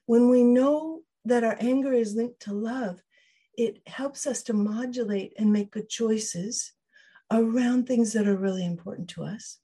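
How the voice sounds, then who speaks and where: A woman's voice: fairly high pitch, a little slow, warm tone, breathy edge. A woman guest on an interview podcast, explaining ideas thoughtfully with frequent restarts and quoted inner voices. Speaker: podcast guest, emotional wellbeing trainer.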